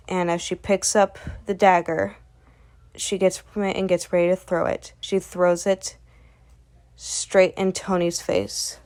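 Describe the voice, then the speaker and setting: Woman host, mid-pitched, casual rambling recap of a comic plot, loose and chatty. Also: little pitch movement, slow pace, a little mellow. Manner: rambling storytelling that relays each character with "and she's like". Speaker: webcomic recap channel host.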